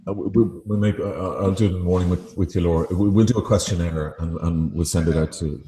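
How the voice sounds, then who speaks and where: A man's voice: low-pitched, fairly even intonation, fast, dark tone, reverberant, a little hiss or hum. An Irish man hosting a late-night chat show, hesitant and full of fillers and restarts.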